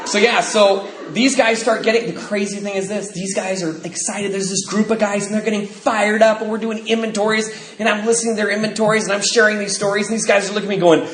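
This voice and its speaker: A man's voice: sits high, fast talker. A middle-aged man from the northwestern United States gives a personal recovery talk at a convention, acting out conversations in different voices as he tells his stories. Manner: lively storyteller who acts out conversations in a range of voices. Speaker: recovery meeting speaker. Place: convention hall. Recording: roomy hall with faint noise.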